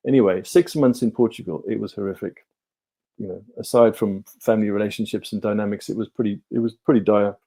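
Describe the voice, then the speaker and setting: A man's voice: fairly low pitch, steady tone, quick pace, gravelly, warm tone. A middle-aged man, a guest on a podcast, telling his life story in a rambling way full of ums and restarts. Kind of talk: relaxed storytelling interview.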